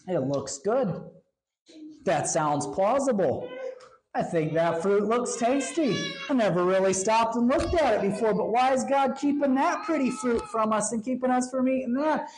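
A woman's voice: a little high, lively intonation, moderate pace, darkish tone, reverberant, a little hiss or hum, close to an everyday voice, rough recording. A woman doing the musing, tempted first couple. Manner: musing, talking themselves into it. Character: first man and woman, newly doubtful and tempted.

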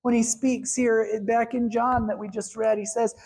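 A woman's voice: fairly high pitch, unhurried, hardly any pauses, darkish tone, slight background noise, rough recording. A woman preaching a sermon, earnestly acting out little dialogues between God and a timid asker.

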